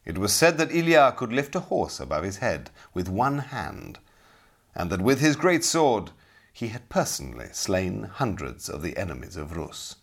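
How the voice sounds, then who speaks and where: Middle-aged man, audiobook storyteller, low voice with very lively pitch. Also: normal speed, husky. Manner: expressive, dramatic. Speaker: narrator.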